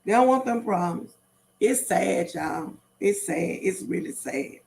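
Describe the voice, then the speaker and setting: A middle-aged woman with a gravelly, creaky voice chats on a casual livestream. She talks straight to her viewers, repeating her points with emphasis. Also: medium pitch, animated, a little slow, darkish tone, a little hiss or hum. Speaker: livestream host.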